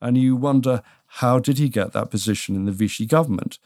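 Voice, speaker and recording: A British man co-hosting a casual history chat, telling it in a measured, dryly wry way. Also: mid-range voice, a little mellow, dry recording, clean studio sound. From Britain.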